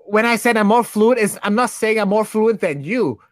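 A man telling a story in casual chat, animated and laughing, with many restarts and fillers. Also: sits high, normal speed, crowd noise.

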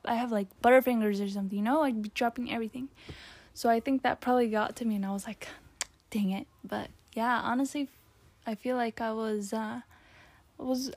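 A woman's voice: a little high, no echo. A young woman hosting a casual solo podcast, chatting and rambling through her old written notes with lots of fillers. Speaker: podcast host.

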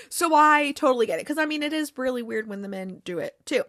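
A young woman casually recapping a TV episode in a chatty, animated way, tossing in swear words and playful quotes. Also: sits high, a little fast, hardly any pauses, no room sound, clean studio sound. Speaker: podcast host recapping a TV episode. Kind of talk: casual chat.

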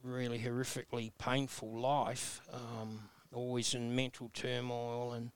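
A man's voice: mid-range voice, little pitch movement, measured pace, clear, resonant tone, no echo. A man in his sixties with an Australian accent, telling his life story as an interview guest in a blunt, earnest, folksy way. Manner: blunt, earnest, folksy with mild self-mocking humor.

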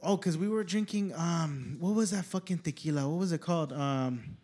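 Young man, fairly high voice, profane loose storytelling, casual podcast chat. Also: normal speed, warm tone. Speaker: podcast host.

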